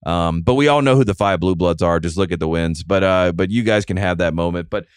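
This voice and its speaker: A man's voice: deep voice, fairly quick, clean tone, dry recording, clean studio sound. A man hosting a casual sports podcast, rambling and self-mocking, with lots of fillers and restarts. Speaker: podcast host.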